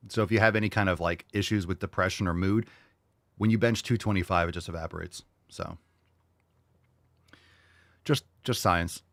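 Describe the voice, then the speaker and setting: Man, very low voice, dry close recording, blunt joking fitness host, casual swearing. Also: steady tone, normal speed, long pauses, fairly bright tone, no room sound. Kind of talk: casual solo chat answering listener questions.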